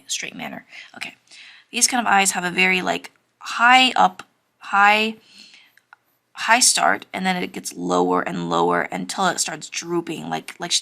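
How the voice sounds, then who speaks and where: Chatty young woman with a gravelly edge. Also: fairly low pitch, sharp tone. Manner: chatty, many fillers, giggly and self-conscious. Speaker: drawing teacher. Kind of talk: casual drawing tutorial narration.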